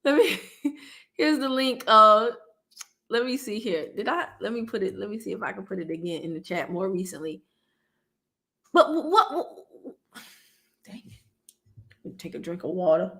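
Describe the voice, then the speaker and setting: A woman's voice: mid-range voice, animated, moderate pace, vocal fry, long pauses, a bit bright. A woman, hosting a live stream, chatting casually with her viewers and laughing often.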